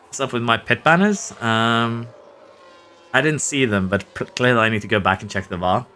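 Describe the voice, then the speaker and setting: Bright-voiced Norwegian man streaming. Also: mid-range voice, moderate pace, slight background noise. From Norway. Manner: relaxed, answers chat, chuckles often. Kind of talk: casual live-stream chat while playing.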